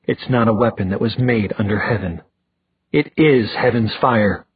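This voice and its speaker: A man reading a quiet, determined young heroine. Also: lowish voice, normal speed, slightly rough, no room sound, phone-quality sound. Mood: resolute. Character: young woman heroine, determined and cold-nerved.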